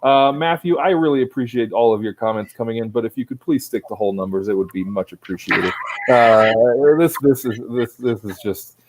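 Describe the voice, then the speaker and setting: A man emcees an improv contest from home, talking into a laptop mic on a video call. His speech meanders and pokes fun at himself. He hands out judgments with playful mock sternness, and his pitch sits in an ordinary middle range. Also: a little fast, slight background noise, low-quality recording. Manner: rambling and self-mocking, with playful mock-strict judging. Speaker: improv show host and judge. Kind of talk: casual comedic emceeing.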